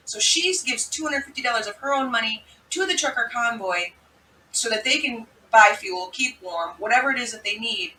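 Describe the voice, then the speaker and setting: A woman hosting a vlog, telling a story in a chatty, animated way. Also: fairly high pitch, moderate pace, a little hiss or hum. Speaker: vlog host. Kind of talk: casual commentary. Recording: echoey room, mic at a distance.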